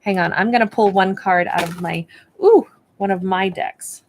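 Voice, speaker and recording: A woman at her table talks through a tarot and oracle card reading in a loose, reflective way. Her voice sits at an ordinary middle pitch, and she encourages the listener gently, with plenty of filler words along the way. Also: moderate pace, slight background noise. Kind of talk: casual spoken card reading.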